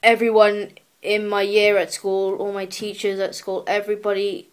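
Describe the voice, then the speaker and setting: A teenage girl records a personal video diary on a handheld camera, speaking earnestly and emotionally, pleading and often pausing to restart. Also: medium pitch, monotone, clear, resonant tone. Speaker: vlogger.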